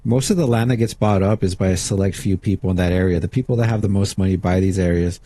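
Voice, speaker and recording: Profane joking man, dark husky voice. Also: deep voice, fast, no room sound. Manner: profane, joking, animated retelling. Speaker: podcast co-host. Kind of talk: casual chat.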